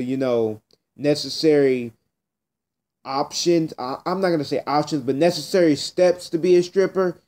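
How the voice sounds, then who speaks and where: A man's voice: mid-range voice, a little mellow. A teenage boy telling a rambling, blunt story to camera in casual speech, repeating himself as he goes. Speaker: vlogger.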